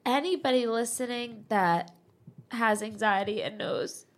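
A woman's voice: on the high side, a little slow. Tearful nasal young woman rambling. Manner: emotional, rambling, swears freely. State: tearful, anxious. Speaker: podcast co-host. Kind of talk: casual chat.

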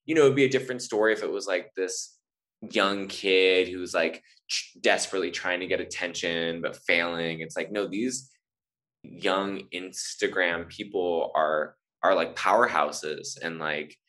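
A man's voice: low-pitched, steady tone, unhurried, a bit bright. A man who is an actor, a guest on a podcast, chatting casually and rambling with many fillers and restarts. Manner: rambling, hesitant, lots of fillers. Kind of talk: casual chat.

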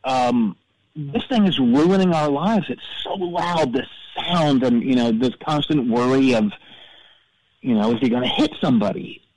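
A man's voice: mid-range voice, measured pace, a little mellow, a little hiss or hum, natural voice, low-quality recording. A man playing a self-absorbed radio DJ who calls in to a comedy show, telling a long rambling story full of stammered restarts. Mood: deadpan. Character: vain male radio DJ, cold and self-absorbed. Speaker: caller. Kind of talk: comedic call-in character bit.

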